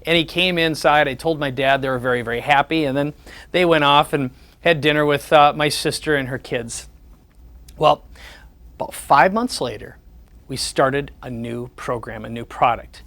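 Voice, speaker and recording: A man's voice: fairly high pitch, normal speed, fairly bright tone. A man giving a sales presentation, telling personal stories and acting out the conversations in them. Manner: storytelling, repeats the words of others in conversation.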